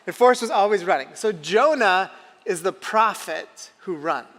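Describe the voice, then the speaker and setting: Male preacher, high voice, chatty sermon that quizzes the congregation, long hall reverb. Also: expressive, moderate pace, fairly bright tone. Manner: conversational, asks the congregation questions. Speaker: pastor. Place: church sanctuary.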